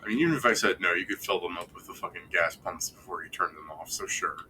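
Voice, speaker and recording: A man's voice: low-pitched, fast, sharp tone, a little hiss or hum, low-quality recording. A man running a tabletop game over voice chat, laid-back and swearing casually. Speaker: game master.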